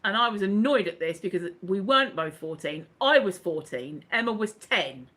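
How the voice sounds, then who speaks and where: A woman's voice: mid-range voice, lively intonation, normal speed, pushed and bright. A woman, hosting a casual livestream chat, rambling and laughing as she reads out viewer comments. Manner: chatty, laughs often, rambling asides. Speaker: livestream host.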